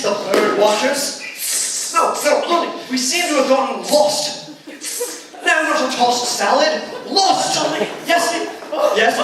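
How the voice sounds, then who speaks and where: A teenage emcee playing a pompous, bumbling explorer in a stage comedy skit, blustering and exasperated. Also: male voice, extremely high pitch. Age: teens. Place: school auditorium stage. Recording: echoey auditorium from far off, noisy.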